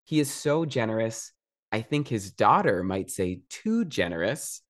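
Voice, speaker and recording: A man's voice: fairly low pitch, sing-song, unhurried. Chatty, encouraging male podcast host. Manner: encouraging, frequent affirmations and laughter. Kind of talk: conversational interview.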